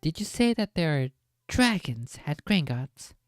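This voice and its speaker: Woman doing a quiet, curious young boy. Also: low voice, sing-song, a little slow, no room sound, studio quality. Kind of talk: storybook reading with character voices.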